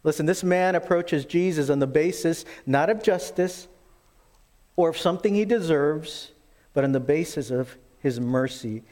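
Animated high-voiced male preacher. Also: moderate pace. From lived in Texas. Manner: animated storytelling preacher, acts out the quotes. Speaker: pastor. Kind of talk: sermon.

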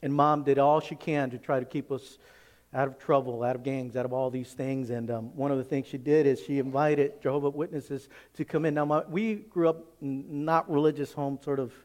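A man preaching a sermon as pastor, emphatic, moving between hushed asides and loud, excited passages. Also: mid-range voice, moderate pace. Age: adult, teenage years long past.

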